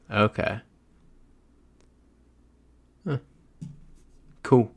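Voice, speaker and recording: A man's voice: deep voice, moderate pace, pauses often, background noise. A man hosting a casual livestream, chatting loosely and reading viewer messages aloud as he plays. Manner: chatty, reads chat messages aloud while playing. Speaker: livestream host. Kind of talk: casual live-stream chat.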